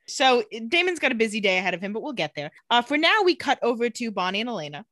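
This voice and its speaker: A woman co-hosting a casual TV recap podcast, animated, laughing often and acting out characters' lines. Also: fairly high pitch, fast, few pauses, dry recording, clean studio sound. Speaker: podcast co-host.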